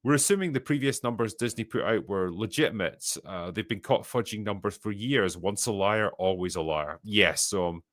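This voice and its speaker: A Scottish man with a somewhat low voice hosts a casual podcast. He reads viewer messages aloud and answers them with dry, profane, sardonic quips. The sound is dry and close to the mic. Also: moderate pace, hardly any pauses, fairly bright tone, dry recording. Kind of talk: casual chat.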